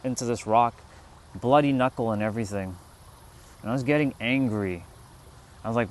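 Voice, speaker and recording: Casting: a man streaming outdoors, casual and profane spiritual storyteller, mid-pitched voice. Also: normal speed, pauses often. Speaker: livestream host. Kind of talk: spiritual talk to a live chat. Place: outdoors, sitting on a rock.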